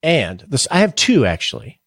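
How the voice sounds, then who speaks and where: A man's voice: mid-range voice, huge pitch swings, normal speed, a bit bright, no room sound, studio quality. A man in his fifties hosting a podcast, explaining in a casual, jokey, conversational way. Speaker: podcast host and financial planner.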